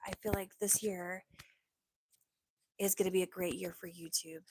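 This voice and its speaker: A woman's voice: mid-range voice, steady tone, fairly quick, a little mellow. A woman hosting a casual live stream, chatting in an upbeat, loose way with lots of fillers into a desk microphone.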